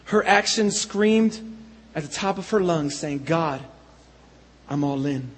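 A man's voice: a little high, animated, slow, slightly rough. A man preaching a sermon as pastor, earnest and building to fervent appeals to the congregation. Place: church sanctuary. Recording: echoey hall with long reverb.

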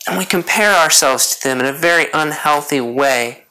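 Bright, earnest preacher delivering a sermon. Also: medium pitch, moderate pace, clean tone, low-quality recording. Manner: earnest, repeats key points, asks the congregation rhetorical questions.

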